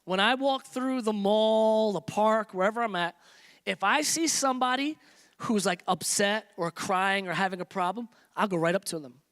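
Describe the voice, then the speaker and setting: A man pastor preaching a sermon, repeating phrases for emphasis and dropping to soft, hushed tones when he tells stories. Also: high voice, moderate pace, clear, resonant tone. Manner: preaching with rising emphatic repetition.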